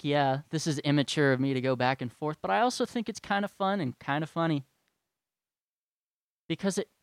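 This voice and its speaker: A man's voice: on the high side, smooth, no room sound. A man ranting to his followers in a sarcastic, profane and rambling way. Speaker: vlogger. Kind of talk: profane rant to camera.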